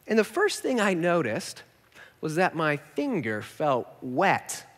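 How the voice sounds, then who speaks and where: A man in his thirties, a pastor telling a story in a sermon, self-mocking and animated, acting out what people said. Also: a little high, slow pace. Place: large church auditorium. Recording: hall reverb.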